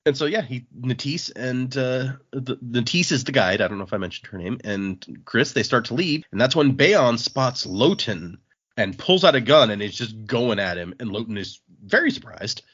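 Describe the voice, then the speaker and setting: A man's voice: medium pitch, expressive, moderate pace, a bit bright, slightly rough. A man co-hosting a casual podcast, recapping a graphic novel and acting out characters' lines as he goes. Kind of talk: casual chat. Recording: dull lo-fi podcast audio.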